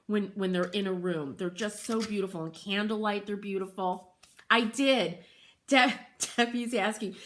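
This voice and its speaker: A woman chats her way through a casual craft livestream, reading out viewer comments and greeting people by name. Her voice is bright and forward, sitting a touch high, and she breaks into squealing hellos whenever someone new shows up. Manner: chatty and effusive, greets viewers by name with sudden excited high exclamations.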